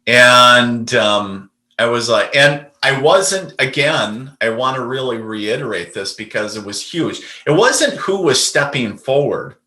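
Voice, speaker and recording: A man's voice: medium pitch, animated, unhurried, hardly any pauses, sharp tone, reverberant. A man, a podcast guest and medium, telling a personal story in a casual, rambling way with lots of fillers and restarts.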